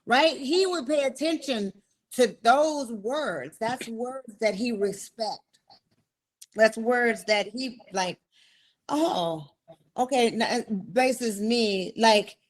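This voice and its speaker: A woman's voice: a little high, takes it slowly. A woman hosting a podcast interview, enthusiastic and acting out conversations with her husband. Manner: enthusiastic, acts out quotes. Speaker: podcast host.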